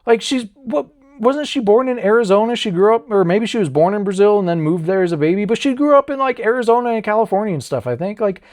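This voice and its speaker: A fairly high-voiced American man hosts a loose, chatty MMA breakdown. He rambles, swears freely and cracks jokes at his own expense. The delivery is casual and off the cuff. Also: animated, quick pace, few pauses, a little mellow. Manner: rambling, profane, jokey, laughs at himself. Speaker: MMA channel host. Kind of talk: casual fight breakdown vlog.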